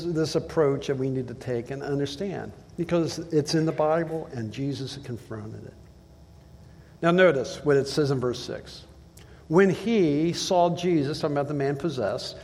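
A man's voice: fairly high pitch, a little mellow. A man pastor preaching a sermon, telling a story and acting out dialogue before building to emphatic preaching. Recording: long reverb of a large hall.

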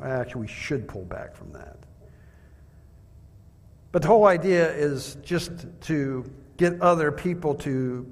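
Man preaching a sermon with measured rhetorical questions; fairly high voice, recorded in a large reverberant hall.

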